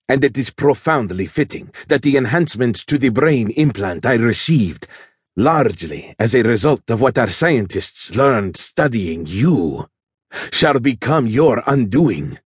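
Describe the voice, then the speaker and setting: A man voicing a proud, menacing young male terrorist with a Dari accent, speaking slowly and quietly. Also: medium pitch, very animated, breathy edge, no echo, clean studio sound, heavily acted. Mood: cold, proud.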